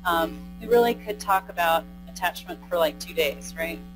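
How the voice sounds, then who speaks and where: Music plays under this poor-quality recording of a woman with a lowish voice. She gives a live training lecture at a moderate pace in a conference room, chatting with the audience, ending points with "right?" and asking them questions.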